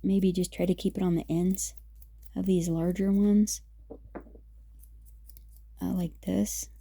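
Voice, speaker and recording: Woman, craft tutorial host, chatty and upbeat, very mellow dark tone, dry close sound. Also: on the low side, level tone, takes it slowly, creaky, no room sound. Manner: chatty, upbeat, many fillers.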